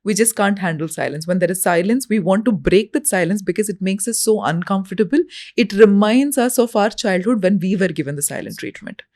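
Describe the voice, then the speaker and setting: A woman's voice: mid-range voice, a little fast, hardly any pauses, darkish tone. A woman hosting an interview, a therapist who reflects thoughtfully and agrees with her guest. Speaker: host, holistic therapist. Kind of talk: interview conversation.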